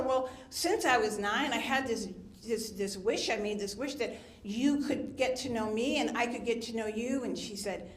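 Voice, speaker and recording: A woman's voice: a little high, moderate pace, few pauses, reverberant. A woman performing a candid, confessional personal story as a storyteller.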